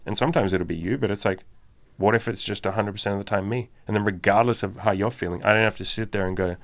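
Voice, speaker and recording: A podcast co-host with a fairly low voice talks quickly in casual chat, candid and emphatic, swearing freely.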